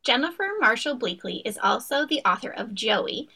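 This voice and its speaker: A woman's voice: on the high side, animated, moderate pace, sharp tone, husky. A woman co-hosting a podcast, reading an upbeat scripted introduction of her guest. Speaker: podcast co-host.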